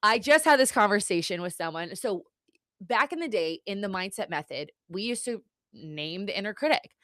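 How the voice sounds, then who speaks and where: A woman's voice: mid-range voice, animated, normal speed, a bit bright, no echo, clean studio sound. A woman hosting a live-streamed podcast as a therapist, chatty and rambling, laughing often and swearing casually. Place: home setup on a live stream. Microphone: computer mic on a video stream.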